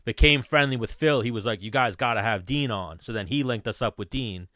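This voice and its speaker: A man's voice: medium pitch, a little fast, fairly bright tone, no room sound, clean studio sound. A man co-hosting a podcast, easygoing and asking a guest questions in casual chat. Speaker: podcast co-host.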